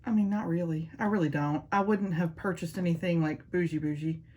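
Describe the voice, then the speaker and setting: A woman's voice: lowish voice, steady tone, brisk, darkish tone. A young woman chatting playfully through a makeup tutorial as a beauty vlogger. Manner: playful, self-teasing, talks to viewers as y'all.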